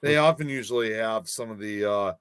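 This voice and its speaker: A man's voice: fairly low pitch, brisk, a bit bright, clear, resonant tone, no echo. A man hosting a podcast, chatting casually and rambling with self-corrections. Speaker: podcast host.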